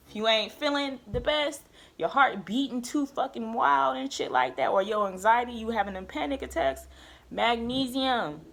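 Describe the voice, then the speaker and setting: A young woman, a nursing student chatting candidly and with a lot of swearing as she tells her story. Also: medium pitch. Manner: candid, profane, animated retelling. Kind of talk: casual storytelling chat.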